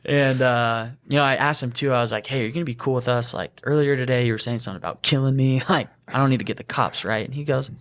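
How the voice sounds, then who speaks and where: A young man co-hosting a podcast, telling an animated work story and laughing as he goes. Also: medium pitch, fast talker, few pauses. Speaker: EMT podcast co-host. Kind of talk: casual storytelling chat.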